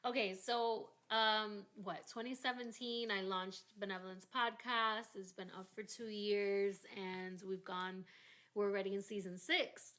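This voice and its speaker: A woman hosting a faith-focused podcast tells a personal story during a casual chat, animated and emotional. Her voice sits at medium pitch, and she speaks at a measured pace.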